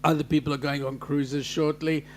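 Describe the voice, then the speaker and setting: A man's voice: a little high, flat delivery, moderate pace, a little hiss or hum. An Australian man hosting a casual live-stream chat, jokey and chatty as he greets viewers by name and reads out their comments. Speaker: host.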